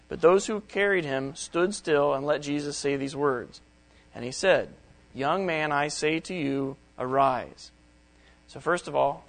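A middle-aged man with a mid-range voice preaches a Bible study sermon, reading verses aloud and then explaining them in plain words. The audio quality is poor.

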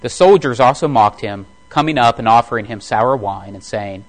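A man preaching a sermon in a measured, deliberate way, slowly reading scripture passages aloud and explaining them. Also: mid-range voice, lively intonation, poor audio. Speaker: pastor.

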